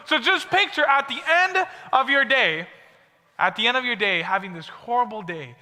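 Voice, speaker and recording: A man's voice: sits high, bright, forceful tone. A young man giving a chatty, upbeat storytelling sermon to a youth audience. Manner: upbeat and chatty, many asides. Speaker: speaker at a youth service. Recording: long reverb of a big hall.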